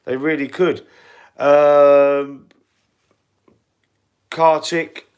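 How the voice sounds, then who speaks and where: A man's voice: a little high, little pitch movement, drawn-out words, darkish tone, clear, resonant tone. A man from East London with a Cockney accent, hosting a casual football live stream, rambling and chatty with many fillers and a runny nose. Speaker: football channel host.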